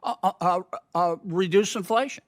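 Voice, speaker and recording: A man's voice: high voice, moderate pace. A man, a senator questioning a witness at a hearing, speaking in a blunt, folksy, rhetorical way into a desk microphone.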